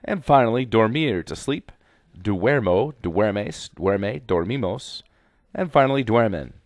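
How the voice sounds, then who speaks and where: A man's voice: lowish voice, lively intonation, a little slow, dry recording, clean studio sound. A man teaching a grammar lesson slide by slide, speaking instructively and repeating directions to students. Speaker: Spanish teacher.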